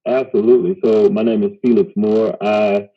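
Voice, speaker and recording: A man's voice: fairly low pitch, little pitch movement, moderate pace. A man from Mississippi with a Southern accent, a social worker on a panel, friendly and down-to-earth with filler words. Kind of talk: casual panel discussion. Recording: dull lo-fi recording.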